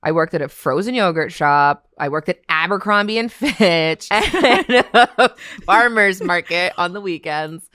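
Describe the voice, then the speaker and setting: Smooth-voiced woman from Canada. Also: on the low side, expressive, measured pace, few pauses, a bit bright, no room sound, clean studio sound. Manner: storytelling, laughing often, acting out quotes. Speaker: podcast guest. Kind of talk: casual interview chat.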